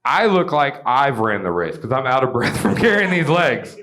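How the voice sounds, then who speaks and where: A young man from Georgia doing a stand-up comedy set on stage, animated, with shouted bits and quick asides. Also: medium pitch. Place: comedy stage with a live audience.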